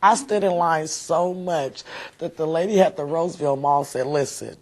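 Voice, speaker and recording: A mother being interviewed speaks in a deep voice at a moderate pace. Her recollection is emotional and heartfelt, rambling along with many fillers.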